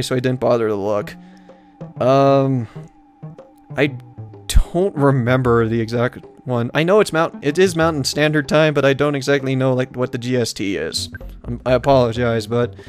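A man giving casual, joking live commentary while streaming a game, rambling and swearing now and then. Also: medium pitch. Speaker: let's-play streamer.

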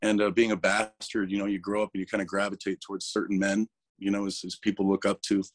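Male interview guest, low voice, dry close sound, candid and emotional, swears a lot. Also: completely flat delivery, quick pace, no echo. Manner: emotional, swearing, restarts words. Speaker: interview guest, metal vocalist.

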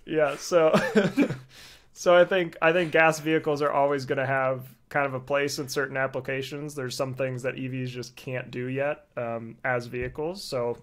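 A man co-hosting a podcast who explains things in a relaxed, casual way, with plenty of fillers. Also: mid-range voice, normal speed. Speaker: podcast co-host. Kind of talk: casual chat.

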